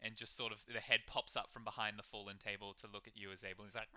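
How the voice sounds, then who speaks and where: A man's voice: on the low side, little pitch movement, quick pace, bright, forceful tone, no room sound. A man narrating as game master in a casual, rambling way with many fillers, on a slightly dull lo-fi recording. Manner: casual, filler-heavy storytelling.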